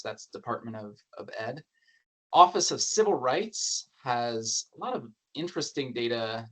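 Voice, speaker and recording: Man giving a relaxed research talk. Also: medium pitch. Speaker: education researcher presenting a report. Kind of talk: academic forum presentation.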